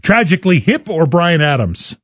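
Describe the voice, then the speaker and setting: Husky, animated man host. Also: on the high side, normal speed, no echo, studio quality. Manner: lively, chuckling, teasing. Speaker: radio host interviewing a guest. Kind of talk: casual chat quiz.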